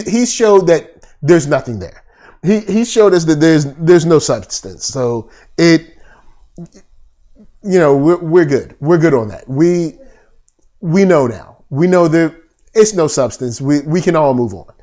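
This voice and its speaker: A man's voice: a little high, darkish tone. A man co-hosting a casual commentary show, talking bluntly in slang with lots of restarts. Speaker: podcast co-host.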